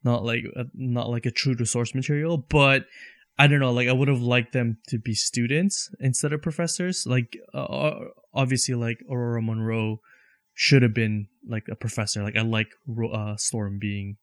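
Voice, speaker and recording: A man talking casually over a movie, often laughing and restarting his sentences. His voice sits in a middle pitch, recorded dry and close with no room around it. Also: steady tone, normal speed, dry recording. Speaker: movie watch-along co-host. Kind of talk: casual chat.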